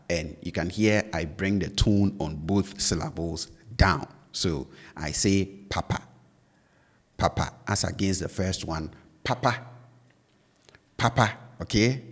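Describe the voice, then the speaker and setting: A man teaching a language lesson, patiently explaining and repeating example words with exaggerated pitch. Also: big-room sound.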